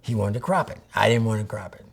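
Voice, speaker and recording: A man's voice: lowish voice, expressive, quick pace, creaky. An older man, a photographer, telling rambling stories in an interview and acting out old conversations. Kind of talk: reminiscing interview.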